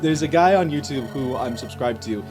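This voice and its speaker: A man's voice: medium pitch, expressive, normal speed, a little mellow. A man casually commentating a video game playthrough as a guest, rambling and hesitant, with frequent restarts. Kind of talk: casual let's play commentary. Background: video game music.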